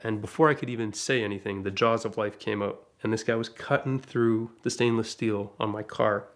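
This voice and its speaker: A man telling a casual first-person story about crashing his car, chatty and lively, with asides and small laughs. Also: on the low side, a little fast, hardly any pauses. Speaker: DeLorean rental owner telling a crash story.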